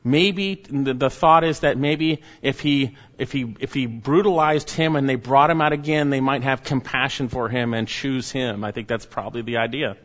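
A male preacher delivering a sermon slowly and with emphasis, his voice falling quiet at the ends of phrases. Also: mid-range voice. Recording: dull lo-fi recording with long hall reverb.

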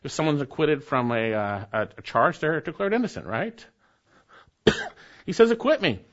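A man's voice: very animated, moderate pace. Preacher, male, earnest and emphatic; muffled lo-fi recording. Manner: earnest, emphatic, drops to soft low phrase endings. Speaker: pastor. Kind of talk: expository sermon. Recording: dull lo-fi recording.

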